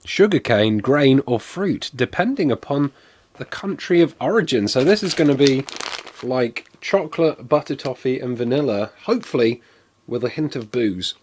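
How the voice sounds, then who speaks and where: A man's voice: medium pitch, lively intonation, moderate pace, a little mellow, a little hiss or hum. Englishman streaming live, loose and self-deprecating, lots of fillers. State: coughing, something went down the wrong way. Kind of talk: casual live-stream taste test.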